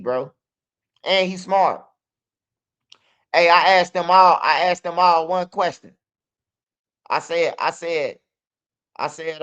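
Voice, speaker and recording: Man, young adult, streetwise, casual storyteller, fairly high voice. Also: fairly bright tone, muffled recording. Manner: streetwise, loose, peppers talk with "bro" and "you hear me". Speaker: channel host.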